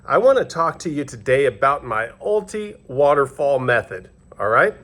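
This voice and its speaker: A man's voice: medium pitch, big pitch swings, moderate pace, fairly bright tone. A man vlogging casually about investing while grilling outdoors, folksy and jokey, tagging "all right?" and "okay?" onto his sentences. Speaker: finance vlogger. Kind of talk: casual chat to camera.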